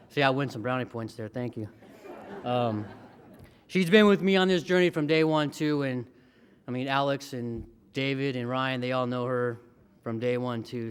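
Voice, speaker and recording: A man's voice: mid-range voice, clear, resonant tone. A man in his thirties giving a heartfelt, emotional acceptance speech as a hall of fame inductee.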